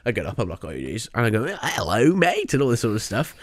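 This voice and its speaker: A man's voice: lowish voice, sing-song, racing, no echo. A young man co-hosting a podcast, telling stories in a rambling way and laughing often. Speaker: podcast co-host. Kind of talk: casual chat.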